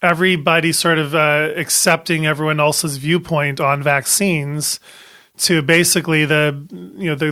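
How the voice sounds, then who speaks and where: A man co-hosting a podcast in a small studio, chatting casually and rambling, quick to laugh. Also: a little high, sharp tone, dry recording. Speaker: podcast co-host.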